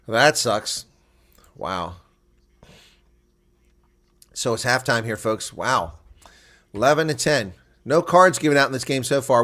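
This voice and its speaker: A man's voice: mid-range voice, a bit bright. A man hosting a casual live rugby watch-along, chatting loosely, laughing often and reading viewer comments aloud.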